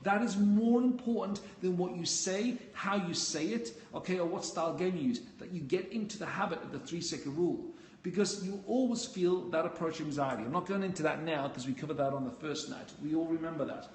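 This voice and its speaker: A man's voice: on the high side, fairly quick, a little mellow. A man with a blunt, casual manner who swears freely, giving a dating coach's talk on a phone live stream. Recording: echoey room with faint ambient noise.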